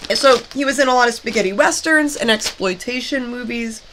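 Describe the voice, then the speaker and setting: Casual female co-host, a bit high-pitched, chatty trivia delivery, faint background hiss. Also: brisk. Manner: chatty, reads movie trivia, laughs often. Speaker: horror movie show co-host. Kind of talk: casual chat with snacks.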